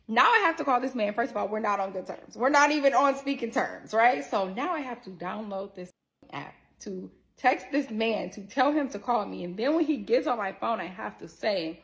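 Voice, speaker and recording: A woman telling a personal story in a chatty, expressive way, talking straight to her viewers. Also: fairly high pitch, normal speed. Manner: works in healthcare. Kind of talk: casual story-time monologue.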